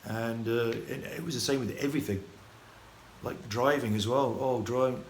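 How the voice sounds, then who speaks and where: A man from the United Kingdom telling his life story in a casual, halting vlog monologue full of restarts and fillers. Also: mid-range voice. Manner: rambling, halting, many restarts and fillers, chuckling. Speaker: vlogger. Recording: echoey room with faint ambient noise.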